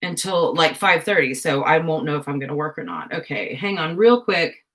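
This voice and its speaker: Young woman, slightly low voice, casual craft live stream, scatterbrained, self-deprecating, giggly. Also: big pitch swings, normal speed, a bit bright. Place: home craft room.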